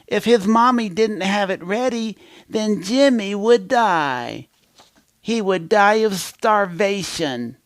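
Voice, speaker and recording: A man using a whiny baby voice to mock a grown man, slow and drawn out. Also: sits high, expressive, no room sound, pitched above the performer's own voice, heavily acted. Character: babyish voice mocking a grown man.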